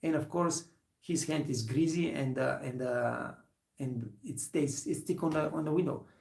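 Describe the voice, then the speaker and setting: A man's voice: on the high side, normal speed, vocal fry, darkish tone, echoey room. A man, a hospitality trainer, giving an earnest, rambling motivational talk to young trainees, full of fillers.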